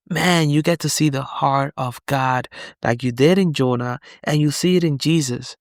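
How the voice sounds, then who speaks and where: A man's voice: fairly high pitch, moderate pace, no room sound, clean studio sound. A man giving an earnest, conversational Bible study talk, candid and often checking in with his listener. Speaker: Bible teacher.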